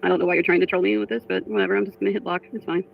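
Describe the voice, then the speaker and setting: Gravelly fast-talking woman streamer. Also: mid-range voice, little pitch movement. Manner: frustrated, reads chat aloud. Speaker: livestreamer. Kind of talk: casual livestream talk to chat. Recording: dull lo-fi stream audio.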